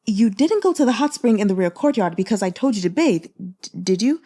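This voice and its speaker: A woman voicing a flustered, gossipy male housekeeper who scolds in rapid-fire questions. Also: high voice, big pitch swings, warm tone. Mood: alarmed scolding.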